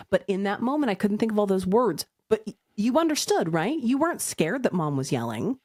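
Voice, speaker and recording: A woman in her thirties co-hosting a casual podcast, telling parenting stories with lively acted-out moments. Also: medium pitch, moderate pace, no room sound. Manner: animated storytelling, acts out her own yelling. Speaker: podcast co-host. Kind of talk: casual chat.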